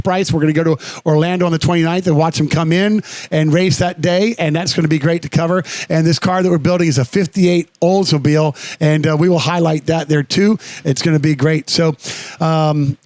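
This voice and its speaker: Male radio co-host, casual, earnest and rambling, blunt when he swears, fairly high voice, dead-dry studio sound. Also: no room sound.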